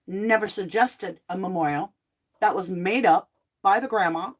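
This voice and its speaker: A woman's voice: mid-range voice, normal speed. Blunt, chatty woman livestreaming. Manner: chatty, blunt, animated asides and mock quotes. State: sick, on cough medicine. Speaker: host of a live true crime tarot chat. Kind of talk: casual livestream chat.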